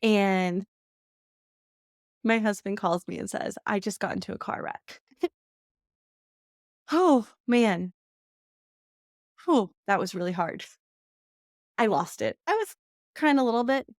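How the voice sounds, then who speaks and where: A woman hosts her own podcast, telling a personal story in a candid, emotional way. She laughs often while she talks. Her voice sits at a middle pitch and is recorded dry and close. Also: expressive, slow, long pauses, dry recording. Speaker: podcast host.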